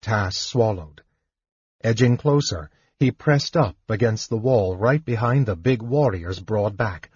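A man narrating a fantasy audiobook in a measured, expressive storytelling manner. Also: fairly low pitch, breathy edge, no echo. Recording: dull lo-fi dry recording.

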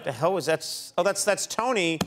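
A man hosting a late-night talk show, bantering with a staff member in a halting, exasperated, incredulous way. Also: high-pitched, animated, fairly bright tone, a faint crowd. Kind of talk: comedic banter with a studio guest. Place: TV studio stage. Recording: live studio audience behind.

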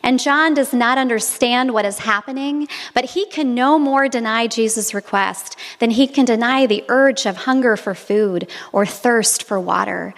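A woman's voice: a little high, unhurried, few pauses, long reverb tail. A woman preacher delivering a sermon, telling stories in a reflective way. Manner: reflective storytelling. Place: monastery.

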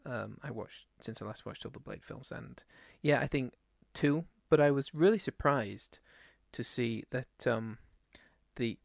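Man, gravelly voice, rambling casual podcast chat, dry close sound. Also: medium pitch, a little slow, no room sound. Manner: rambling, self-deprecating, many fillers. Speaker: podcast co-host.

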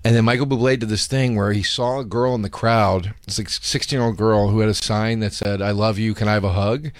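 A man hosting a podcast, telling stories in casual chat with lots of swearing and animated quoting. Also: on the low side, brisk, no echo, clean studio sound. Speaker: podcast host.

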